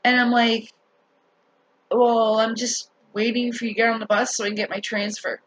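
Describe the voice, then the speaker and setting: A woman telling a story in a casual rant to her viewers, animated, swearing and laughing as she talks. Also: on the high side, normal speed, poor audio. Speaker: vlogger.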